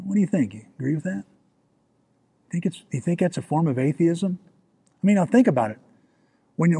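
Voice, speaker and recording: A man with a husky, mellow voice, pitched a little high for a man, preaching a sermon. He talks in a conversational way, stumbling over repeated words as he restarts and turning questions to his listeners. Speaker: pastor.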